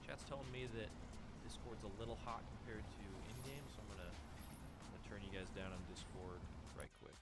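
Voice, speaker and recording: A man chatting casually with teammates while playing a game live, prone to excited outbursts. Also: lowish voice, brisk, very noisy. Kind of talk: casual gaming chat.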